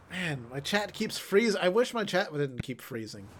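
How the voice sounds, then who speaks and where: A young man chatting casually on a gaming stream, swearing and laughing often, telling stories and breaking into loud impressions. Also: high voice, a little hiss or hum. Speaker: streamer co-host.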